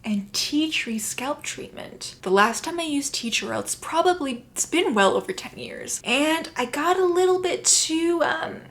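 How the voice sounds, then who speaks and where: A woman's voice: sits high, animated, measured pace, hardly any pauses, a bit bright. A woman vlogging casually at home at night, chatty and playful, sometimes dropping to a whisper. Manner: chatty and playful, drops into whispers now and then. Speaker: beauty vlogger. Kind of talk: casual chat to camera.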